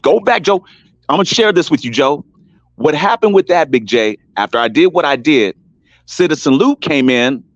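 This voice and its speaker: An emphatic man, speaking in a fairly high voice that swings widely in pitch. His talk is heated and repetitive, and he keeps calling on listeners by name. The audio is muffled and completely dry. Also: no room sound. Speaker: panel guest on an online talk stream. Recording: dull dry stream audio.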